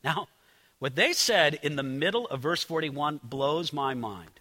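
Animated high-voiced male preacher. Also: a little slow, big-room sound. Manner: animated, conversational preaching with asides to listeners. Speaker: pastor. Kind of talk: sermon.

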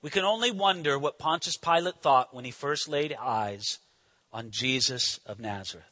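A man preaching an expository sermon, animated and emphatic, asking the listeners questions. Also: medium pitch, normal speed. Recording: long hall reverb.

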